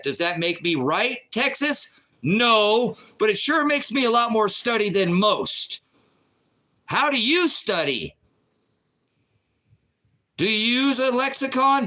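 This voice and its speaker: A man preaching on his own channel, fervent and confrontational, firing off rhetorical questions and swinging between low mutters and loud outbursts. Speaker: online preacher and channel host. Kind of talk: impassioned livestream preaching.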